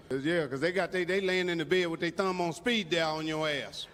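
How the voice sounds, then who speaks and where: High-voiced man doing stand-up. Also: moderate pace. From United States. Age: older. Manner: loud, animated storytelling with crude slang. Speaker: stand-up comedian. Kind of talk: stand-up comedy routine. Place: comedy club stage with a laughing audience. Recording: live stage in a large hall, loud crowd noise.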